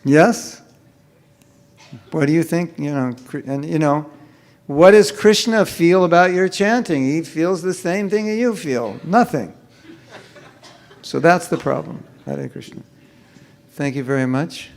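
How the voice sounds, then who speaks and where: A man with a fairly high, gravelly voice teaches a hall full of people at a chanting workshop. He talks with a playful, joking manner and now and then mimics someone chanting in a lazy mumble. He speaks live into a microphone. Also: unhurried. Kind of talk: humorous live workshop talk.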